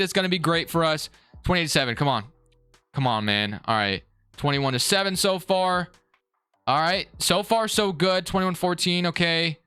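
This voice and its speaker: A young man giving live commentary on his own football video game, excitable and swinging between frustration and hype. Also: a little high, clean tone, dry recording. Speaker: gaming YouTuber.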